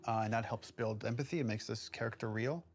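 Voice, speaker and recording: A game director in a behind-the-scenes interview, explaining design choices in a measured way. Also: male voice, mid-range voice, over music.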